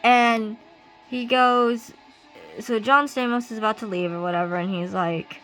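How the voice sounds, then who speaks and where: A woman's voice: a little high, unhurried, soft background music, poor audio. A woman ranting casually in a vlog while doing her makeup at home, speaking into her own camera with lots of fillers. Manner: animated, ranting, many fillers. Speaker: vlogger. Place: at home getting ready. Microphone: camera she sets up herself.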